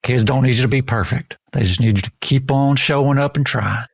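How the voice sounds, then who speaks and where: A man's voice: vocal fry, husky, no room sound, studio quality. A man doing a grizzled old Southern cowboy. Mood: reassuring. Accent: slightly Southern. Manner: slow, deep, folksy drawl. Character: wise grizzled older cowboy man, matter-of-fact.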